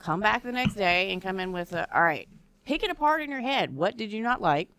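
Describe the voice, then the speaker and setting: A woman, co-hosting a casual podcast chat, telling animated stories and acting out her own past reactions. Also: medium pitch, a little fast, a little hiss or hum. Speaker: co-host teaching decorative rod wraps.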